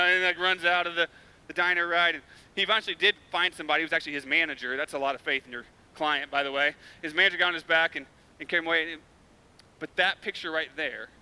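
A young man preaches to his congregation in a high, very bright voice. He tells his story loosely, with plenty of filler words, then presses his points with rising emphasis. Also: a little fast, clean tone, poor audio. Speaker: pastor. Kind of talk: sermon.

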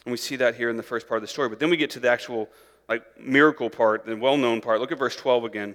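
A man preaching a sermon in a casual, conversational way, peppering it with "like" and "right?" and acting out characters in an animated voice. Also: fast talker, in a large hall. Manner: animated, acts out the disciples' voices in a higher, louder pitch; conversational, many "like" and "right?" asides. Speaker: pastor.

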